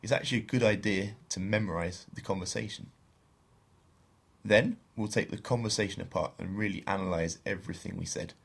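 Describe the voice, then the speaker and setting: A man co-hosting a beginner Spanish podcast, explaining phrases and slowing down to model pronunciation. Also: sits low, vocal fry, breathy edge. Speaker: podcast co-host teaching Spanish.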